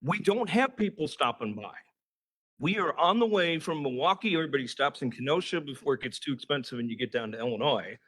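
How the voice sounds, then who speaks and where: Heated public commenter, man, bright tenor-leaning voice, emphatic at the podium. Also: a little high, animated, brisk, low-quality recording. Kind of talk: public comment at a county board meeting. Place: county board chambers.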